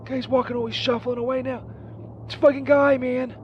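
A man doing a shrill, foul-mouthed Saint Peter. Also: level tone, moderate pace. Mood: fuming. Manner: profane, rambling, shouting at a stranger. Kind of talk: comedy phone bit. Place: street phone booth. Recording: muffled phone voicemail with faint street noise.

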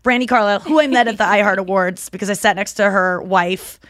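A woman's voice: mid-range voice, fast talker, no room sound, studio quality. A woman hosting a podcast, telling stories in casual chat, acting out the people she quotes and swearing freely. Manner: animated storyteller, acts out quotes. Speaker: podcast host.

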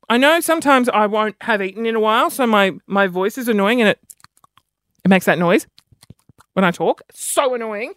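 A man hosting his own podcast in casual solo chat, rambling and self-mocking with quick asides and audible sniffing between phrases. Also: high voice, fairly bright tone, no echo, clean studio sound. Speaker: podcast host.

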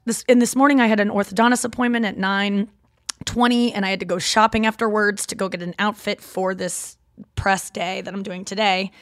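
A woman in her thirties with a Midwestern accent, hosting a podcast in rambling, animated casual chat from home. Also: medium pitch, dry recording, clean studio sound. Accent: Midwestern American. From St. Louis, Midwest US. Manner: rambling, animated, lots of fillers and self-interruptions. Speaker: podcast host. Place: home, seated in a chair.

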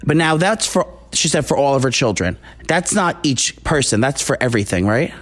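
Guy on a gossip podcast, rambly, keeps restarting his sentences, medium pitched voice. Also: sing-song, brisk, a bit bright. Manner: rambling, many restarts and fillers. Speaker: podcast co-host. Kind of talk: casual celebrity gossip chat.

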